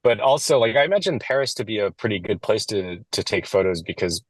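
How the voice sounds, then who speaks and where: A man's voice: lowish voice, fast, husky, no echo, rough recording. A man in his late thirties, an interview guest talking loosely and leaning on "like" and "you know". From United States. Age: 30s. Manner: relaxed, filler-heavy with frequent "like". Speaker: guest photographer. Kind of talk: casual conversation.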